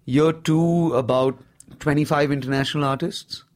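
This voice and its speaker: A man with an Indian accent, a stand-up comedian in his thirties, chatting in an interview and telling animated stories, often saying "you know". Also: fairly high pitch, normal speed. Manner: lively storyteller, peppers speech with "you know". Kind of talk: casual interview conversation.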